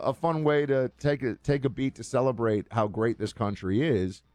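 A man's voice: medium pitch, no room sound. A man hosting a talk show, chatting casually with many fillers and restarts. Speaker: host.

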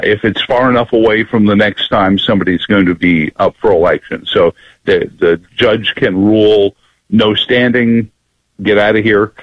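A man who owns a local radio station, a guest on a political talk show, talking in animated bursts with restarts. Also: lowish voice, no room sound, muffled recording. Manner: animated, many fillers and restarts.

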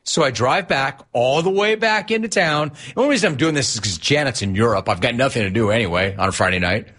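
A man's voice: medium pitch, expressive, fast talker, fairly bright tone. A man hosting a radio show, telling a story in a chatty, wry, self-deprecating way. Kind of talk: casual storytelling monologue.

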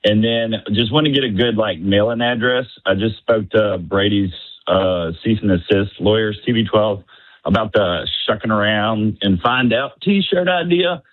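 Low-voiced guy calling in over a tinny phone, rambling away as a fan. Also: moderate pace. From Alabama. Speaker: caller. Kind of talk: phone-in chat. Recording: phone line.

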